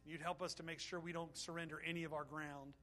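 A middle-aged male pastor with a high, bright voice preaches a fervent sermon. His delivery is full of feeling and eases into a quieter, softer tone when he prays. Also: level tone, fast talker. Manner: fervent preaching, then soft prayer.

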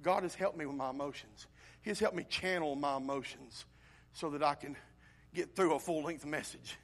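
A middle-aged man preaching a sermon, impassioned and building to near-shouting climaxes. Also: a little high, normal speed. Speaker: pastor.

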